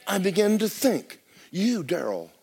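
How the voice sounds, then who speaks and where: A man preaching a sermon as pastor, swinging from loud exclamations to hushed, near-whispered lines. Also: high voice, big pitch swings, a little slow, gravelly, breathy edge.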